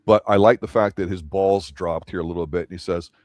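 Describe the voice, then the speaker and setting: A man's voice: sits low, steady tone, fairly quick, a little mellow, no room sound, studio quality. A man from Florida co-hosting a casual TV review chat, blunt and opinionated, with casual swearing. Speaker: co-host reviewing a TV show.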